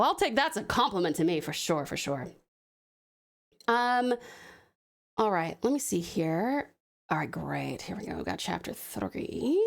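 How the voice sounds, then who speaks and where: A woman's voice: fairly high pitch, vocal fry. A woman with an American accent, reading stories and chatting on a live stream, bubbly and often laughing.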